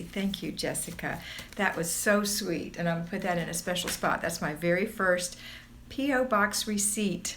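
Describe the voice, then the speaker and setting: A woman's voice: on the low side, a little slow, fairly bright tone, a little hiss or hum. A woman hosting a casual livestream, bubbly and gushing as she greets viewers one by one. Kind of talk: casual live-stream chat. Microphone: phone or camera on a borrowed tripod.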